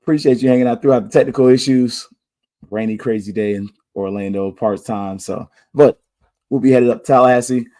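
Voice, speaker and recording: A man's voice: medium pitch, steady tone, a little fast, mellow. Laid-back man talking sports picks. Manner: loose, slangy, thinking aloud. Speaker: podcast host. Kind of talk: casual sports picks chat. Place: Orlando.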